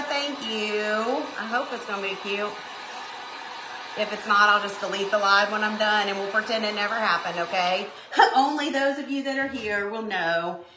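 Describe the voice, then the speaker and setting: A woman's voice: on the high side, background noise. A woman hosting a live crafting stream, chatting casually with viewers in a rambling way with lots of asides. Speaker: craft livestream host. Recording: echoey room.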